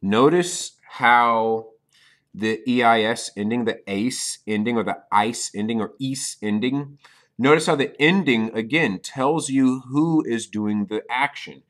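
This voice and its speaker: A man's voice: mid-range voice, a little slow, fairly bright tone. A man teaching a beginner's language lesson on video, explaining step by step and checking in often with "okay?". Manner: repeats key points for beginners. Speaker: Spanish teacher.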